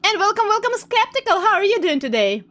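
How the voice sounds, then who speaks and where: High, lively-voiced woman streamer. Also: fast. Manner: excitable, laughs often, jumpy. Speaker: game streamer. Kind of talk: live gameplay commentary.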